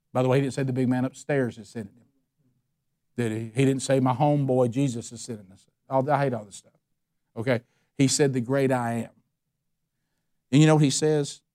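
A man's voice: a little mellow, dry recording, clean studio sound. Fervent man teaching scripture. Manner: fervent, conversational preaching with sudden pitch jumps. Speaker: Bible study teacher. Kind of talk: sermon-style Bible teaching.

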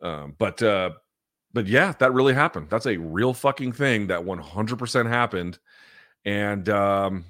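Low-voiced man hosting a casual podcast. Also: unhurried, no echo, studio quality. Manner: animated, emphatic, swears freely. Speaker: podcast host. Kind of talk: casual storytelling monologue.

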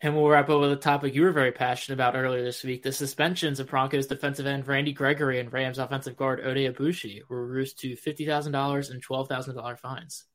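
Fast-reading young Philly co-host. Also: male voice, medium pitch, flat delivery, fairly bright tone. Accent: Philadelphia. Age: 20s. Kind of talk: reading news items.

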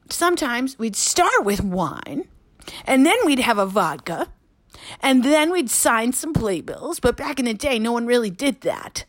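High, swooping, hoarse old stage diva, impression by a woman, rambling and theatrical. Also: dry recording, studio quality. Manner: rambling, dramatic, drifts between topics, drops to a whisper. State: hoarse, tired. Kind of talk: comic voicemail impression. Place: lying in bed at home.

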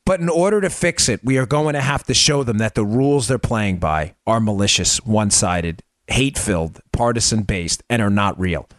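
A man's voice: fairly low pitch, animated, normal speed, few pauses, no room sound, clean studio sound. A man hosting a political commentary podcast, a former federal agent, talking in an emphatic, punchy way with rhetorical questions.

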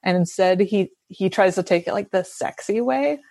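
A woman's voice: mid-range voice, moderate pace, vocal fry, dark tone, no echo. A woman guest on a podcast, explaining scenes in casual chat and quoting people as she goes. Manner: explanatory, quotes people in character. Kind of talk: casual chat recapping a dating show.

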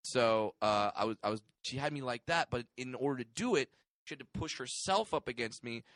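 A man's voice: medium pitch, lively intonation, a little fast, a bit bright, no echo. A man co-hosting a casual comedy podcast, rambling and laughing as he tells stories. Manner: rambling, laughing, heavy use of fillers like "like". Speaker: podcast co-host.

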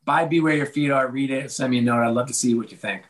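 A man from the New York area telling a story as a guest in an interview, animated and full of filler words. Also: mid-range voice, fast, poor audio. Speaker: podcast guest, former executive.

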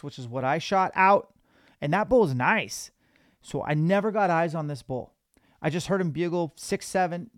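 A man hosting a podcast, telling a hunting story in an animated, casual way. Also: on the high side, smooth, no room sound, studio quality. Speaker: podcast host.

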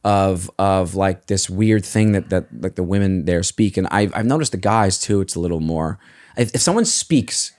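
Animated comedian. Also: male voice, low-pitched. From Staten Island, New York. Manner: animated, swearing, does quick voices when quoting people. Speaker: comedian and podcast host. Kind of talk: casual chat.

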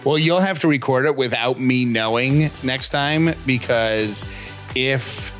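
Bright-voiced man, casual podcast co-host. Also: mid-range voice, takes it slowly, soft background music. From upstate New York. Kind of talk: casual chat and host-read ad.

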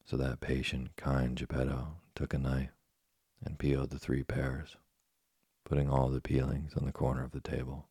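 Deep gravelly male storyteller. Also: flat delivery, normal speed, warm tone, dry recording. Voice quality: gravelly, husky. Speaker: narrator. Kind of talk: storybook reading. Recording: dry close studio sound.

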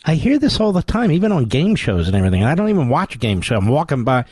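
A man's voice: a little high, sing-song, fast, a little mellow, slightly rough, no room sound. A man with a Philadelphia accent hosting a talk radio show, delivering a sarcastic, combative monologue.

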